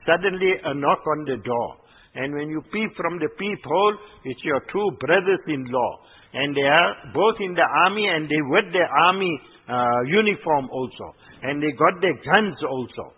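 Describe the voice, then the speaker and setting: Man, sermon, exhorting, rhetorical questions, fast Arabic recitation, raspy, thin phone-line sound. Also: fairly high pitch, lively intonation. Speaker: preacher. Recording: tinny phone-like audio in a reverberant hall.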